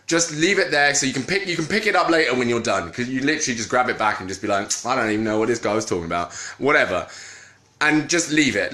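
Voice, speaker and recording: A man chatting casually to live viewers, greeting them as he goes and restarting his sentences. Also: fairly high pitch. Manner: animated, greets viewers mid-talk, trails off and restarts. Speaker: vlogger. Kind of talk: casual live-stream chat. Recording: echoey room.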